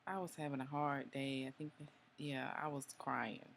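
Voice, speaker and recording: A woman of around forty, chatty and confiding, telling a personal story to the camera with drawn-out ums. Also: a bass voice, fairly even intonation, vocal fry, slight background noise. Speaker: vlogger.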